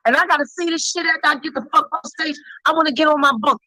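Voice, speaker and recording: A woman's voice: high-pitched, fast talker, sharp tone, no room sound, low-quality recording. A woman telling a story in blunt, emphatic, heavily profane casual talk. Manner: blunt, emphatic, heavy cursing.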